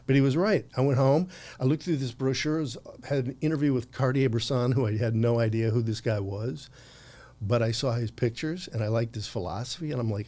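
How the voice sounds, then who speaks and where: Man in his sixties, podcast guest, chatty anecdotes, frequent laughs, self-corrections, middle pitch. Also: brisk, dark tone. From United States. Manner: rambling storyteller, frequent laughs and restarts. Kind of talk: conversational anecdote.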